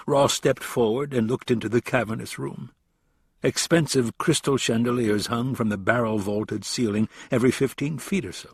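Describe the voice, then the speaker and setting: A male audiobook narrator with a husky, mid-range voice delivers scripted narration. The recording is dry and studio quality.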